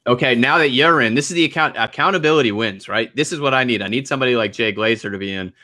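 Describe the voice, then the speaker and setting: A man's voice: medium pitch, quick pace, bright, forceful tone. A man hosting a casual interview, talking in a laid-back way, laughing easily and letting sentences trail off. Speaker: host.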